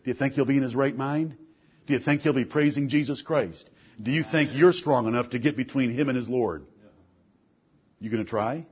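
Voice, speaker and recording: A man preaching a sermon, firing off rhetorical questions and swinging between soft, low passages and loud, raised ones. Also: normal speed, slightly rough, highs cut off.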